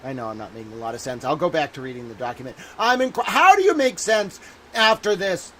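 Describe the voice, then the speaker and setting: Man, high voice, exasperated livestream rant, theatrical, cusses a lot, repeats himself. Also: animated, brisk, a bit bright, slight background noise. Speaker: livestream legal commentator.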